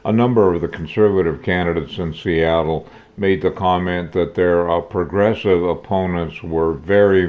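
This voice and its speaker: Older male host, very low voice, opinionated and folksy, lo-fi sound. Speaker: talk show host. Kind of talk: political talk commentary. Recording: dull lo-fi recording.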